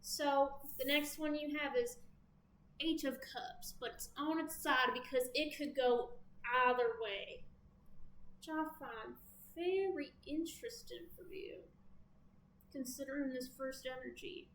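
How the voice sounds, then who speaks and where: A woman's voice: high-pitched, a little slow, fairly bright tone. A woman with a Southern American accent gives a casual, chatty tarot reading, full of playful asides. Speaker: tarot reader. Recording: echoey room with faint background noise.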